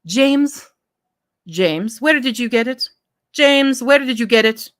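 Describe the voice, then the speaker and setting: A woman's voice: on the high side, lively intonation, slow, pitched above the performer's own voice. A brusque magical woman, put on by a woman reading aloud with a light Middle Eastern accent. She questions people sternly and suspiciously, in a slightly raised voice. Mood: demanding. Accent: attempted Middle Eastern.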